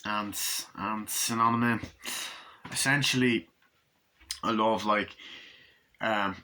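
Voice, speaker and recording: A man's voice: lowish voice, fairly even intonation, slow pace, sharp tone. A young man giving a casual, rambling movie review, full of swearing and filler words. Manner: rambling, profane, filler-heavy.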